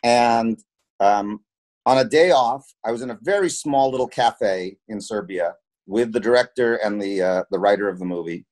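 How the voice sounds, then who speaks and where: A man's voice: lowish voice, normal speed, darkish tone. Earnest storytelling man, interview guest. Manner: earnest storyteller, restarts with repeated words. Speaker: film and television producer, interview guest. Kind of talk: conversational interview, telling anecdotes.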